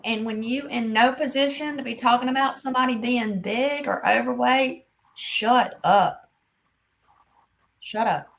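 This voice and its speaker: Blunt, gravelly woman in her fifties. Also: on the high side, unhurried, poor audio. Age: 50s. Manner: blunt, scolding, emphatic. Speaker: livestream host. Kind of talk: casual livestream chat.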